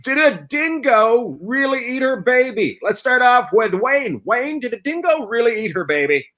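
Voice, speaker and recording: A man's voice: very high-pitched, big pitch swings, normal speed, pushed and bright. A man hosting an online comedy panel show over a video call, laughing often and hyping up his guests. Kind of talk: playful game-show hosting.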